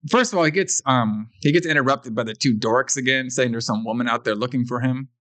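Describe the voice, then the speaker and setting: A man's voice: medium pitch, fairly quick, a bit bright, dry recording. A man co-hosting a podcast, recapping a movie in a rambling, crude casual chat full of swearing. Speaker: podcast co-host.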